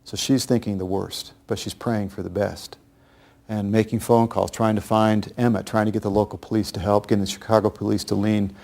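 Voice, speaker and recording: A man telling a true story to listeners in a grave, measured way. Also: on the low side, flat delivery, vocal fry, darkish tone. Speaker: speaker recounting history. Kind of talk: storytelling lecture.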